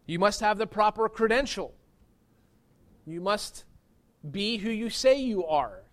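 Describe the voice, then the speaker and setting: Pastor guy preaching, kinda high voice, earnest and emphatic. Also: lively intonation, unhurried, a bit bright. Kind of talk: sermon.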